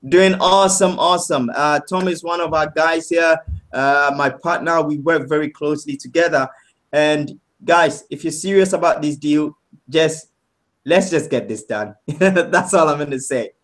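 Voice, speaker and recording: A man presenting a sales pitch on a webinar, upbeat and persuasive, often asking "right?" and calling the audience "guys". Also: steady tone, normal speed, fairly bright tone.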